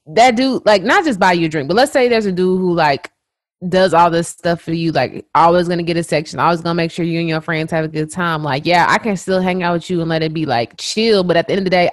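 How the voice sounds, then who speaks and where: Young woman musing out loud, lots of "like", lowish voice, dry close sound. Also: no echo. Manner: reflective, thinks out loud with many fillers. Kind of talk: casual group chat.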